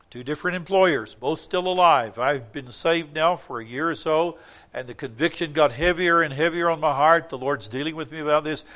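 Older guy preaching, earnest testimony, kinda high voice, gets loud on the big points. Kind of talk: sermon.

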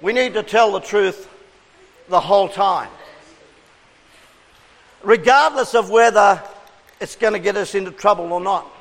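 Lively preacher in a hall. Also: male voice, sits high, unhurried, gravelly, long pauses. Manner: lively, coaxing the crowd with questions and call-and-response. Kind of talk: interactive sermon to a congregation.

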